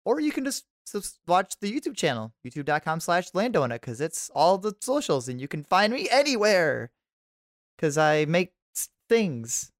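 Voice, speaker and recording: A man's voice: high-pitched, big pitch swings, moderate pace, no echo, clean studio sound. A man co-hosting a gaming podcast in a teasing, jokey way. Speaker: podcast co-host. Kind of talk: casual chat.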